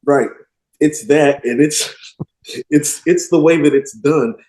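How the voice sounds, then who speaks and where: A man co-hosting a casual music discussion podcast, emphatic and animated. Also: a little high, takes it slowly. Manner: animated, emphatic, quotes lyrics with relish. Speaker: podcast co-host. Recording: roomy echo.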